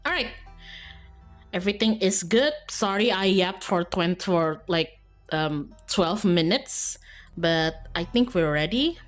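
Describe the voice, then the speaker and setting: A woman's voice: fairly low pitch, expressive, measured pace, faint music behind. A young woman streaming a game, chatting casually and rambling, often laughing. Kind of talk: casual live-stream chat while gaming.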